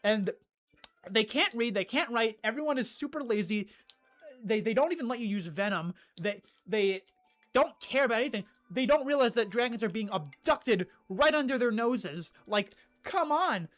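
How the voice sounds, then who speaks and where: Stammering, excitable streamer ranting casually. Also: mid-range voice, normal speed, soft background music. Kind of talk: casual livestream chat reading comments.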